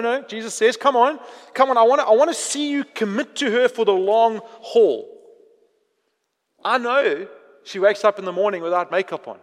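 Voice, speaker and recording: High-voiced preacher in a reverberant hall. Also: male voice. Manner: animated preaching, acting out prayers, dropping to quiet intensity. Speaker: pastor. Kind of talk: sermon.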